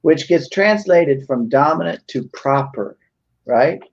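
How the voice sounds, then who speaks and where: A man's voice: on the high side, expressive, slow. Man carefully explaining, dull recording. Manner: explaining, precise about words. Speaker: guest speaker. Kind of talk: casual discussion. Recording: dull lo-fi sound.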